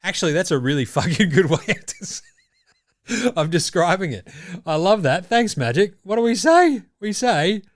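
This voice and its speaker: Sweary Australian bloke hosting a sports show. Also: male voice, sits high, very animated, moderate pace, no room sound. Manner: profane, blokey banter. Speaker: basketball podcast host. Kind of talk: casual sports chat.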